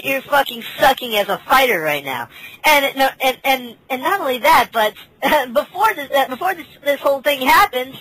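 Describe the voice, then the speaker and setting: Podcast host lady ranting, swearing a lot, keeps restarting, bright husky voice. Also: high-pitched, dry recording, poor audio. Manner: ranting, profane, stammering restarts. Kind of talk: casual podcast chat.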